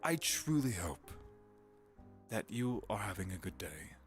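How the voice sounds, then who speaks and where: A man chats on a livestream in a gravelly, fry-heavy voice that sits fairly low yet swings lively up and down. He laughs easily and wanders between voice tips and stories. Faint music plays behind him on a home mic. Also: a little slow. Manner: chatty, giggly, drifts into voice demos. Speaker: voice actor streaming. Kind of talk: casual livestream chat.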